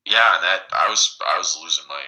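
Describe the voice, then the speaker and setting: A man in his forties with a very deep voice and a sharp, bright edge. He talks in a flat, steady monotone and stays level even when he describes a panic. It is relaxed podcast chat. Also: normal speed, rough recording. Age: 40s. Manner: monotone, even-keeled delivery. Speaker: podcast co-host, lawyer.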